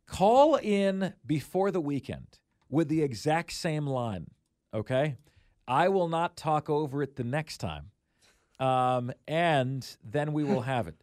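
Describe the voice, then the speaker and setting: A man hosting a sports talk radio show in a studio, talking in animated, self-deprecating banter. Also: a little high, takes it slowly, no echo. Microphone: studio microphone.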